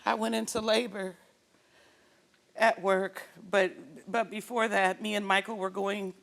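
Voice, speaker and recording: A woman's voice: medium pitch, a little slow, creaky. A middle-aged woman, a talk show guest, telling her own story with feeling and acting out the people in it. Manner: animated storyteller who acts out her quarrels.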